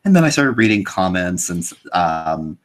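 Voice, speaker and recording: A man with a Californian accent in casual chat, soft-spoken and reflective. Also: deep voice, big pitch swings, normal speed. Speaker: podcast co-host, YouTuber.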